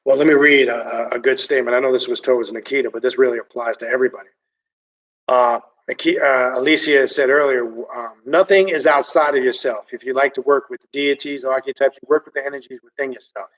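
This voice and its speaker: A man hosting a livestream, reading viewer comments and ranting in an excitable, animated, profane way. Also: mid-range voice, fairly quick, distant mic, rough recording. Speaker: occult channel host reading viewer comments.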